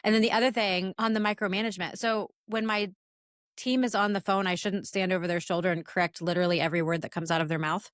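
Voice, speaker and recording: A woman in her forties co-hosting a casual business podcast, chatty and animated as she tells stories. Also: medium pitch, quick pace, no room sound, studio quality. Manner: storytelling, chatty, animated retellings. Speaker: podcast co-host.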